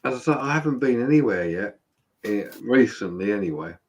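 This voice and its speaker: A man's voice: fairly low pitch, expressive, fairly quick, breathy edge. A man from England hosting a casual live chat, chatty and telling stories, sometimes quoting other people in voices. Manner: chatty, storytelling with quoted voices.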